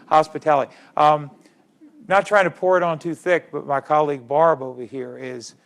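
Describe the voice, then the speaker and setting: A middle-aged man delivers a public history lecture in a slightly high-pitched voice. He hammers home single words by repeating them and keeps turning to his audience with questions. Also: fairly even intonation, normal speed. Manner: emphatic, repeats key words, quizzes the audience.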